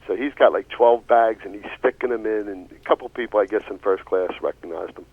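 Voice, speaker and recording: Philly radio co-host, a bit low, lively storyteller, tinny lo-fi line. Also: male voice, brisk, no room sound. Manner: animated, laughing storyteller, swears casually. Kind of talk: casual storytelling chat. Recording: tinny phone-like radio audio.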